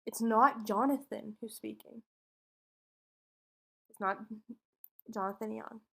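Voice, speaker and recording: A woman's voice: a little high, fairly even intonation, slow pace, vocal fry, bright, forceful tone, breathy edge. A woman co-hosting a podcast, telling a true crime story in a casual way and acting out what people said. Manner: acts out quotes, sometimes drops to a whisper.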